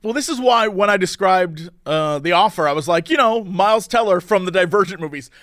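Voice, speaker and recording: Casting: high-pitched excitable guy, rambling podcast co-host, dry mic. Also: brisk, no room sound. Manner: excitable, rambling, laughs often. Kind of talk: casual chat.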